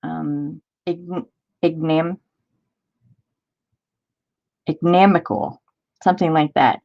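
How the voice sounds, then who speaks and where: A woman's voice: on the low side, lively intonation, unhurried, dull audio. A woman hosting a crafting livestream, chatting casually and reading old-fashioned text aloud, stumbling over hard words and exclaiming in disbelief.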